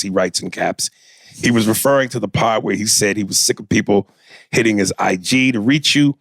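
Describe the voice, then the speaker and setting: A man's voice: fairly low pitch, brisk, fairly bright tone, no echo. A man co-hosting a comedy podcast, chatting crudely and loosely and reading out listener emails. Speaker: podcast co-host. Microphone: studio mic with headphones.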